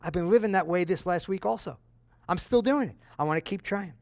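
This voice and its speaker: A middle-aged male pastor preaching in a relaxed, conversational way and leaning into his stories with energy. His voice sits a little higher than most men's. The sound is dry and close, with no room echo. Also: a little fast. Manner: conversational preaching with animated storytelling. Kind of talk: sermon.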